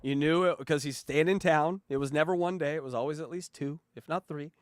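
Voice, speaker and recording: A man's voice: a little high, a little fast, clean tone, no echo, clean studio sound. A man hosting a casual podcast chat, swearing freely and acting out radio voices. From West Coast of the US. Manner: profane, animated, mimics radio voices. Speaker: podcast host.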